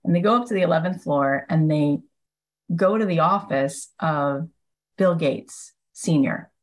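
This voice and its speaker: A woman with a low, deep voice hosts her own show and tells a story in a loose, chatty way. She jumps into the voices of the people in the story and fills her speech with "like" and "he goes.". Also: unhurried, rough recording. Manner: lively storyteller who acts out quoted speakers; casual, with frequent "like" and "he goes". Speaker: podcast host. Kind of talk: storytelling monologue.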